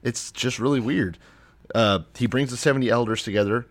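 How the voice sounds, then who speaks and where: A man on a comedy podcast, calmly explaining bible passages with dry jokes. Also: medium pitch, a little fast, no room sound. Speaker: podcast co-host. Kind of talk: casual comedic chat.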